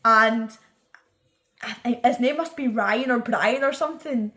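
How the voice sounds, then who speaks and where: Scottish young woman telling an animated story. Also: a little high, unhurried. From Scotland. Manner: animated, laughing, acts out quotes. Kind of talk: casual storytime chat.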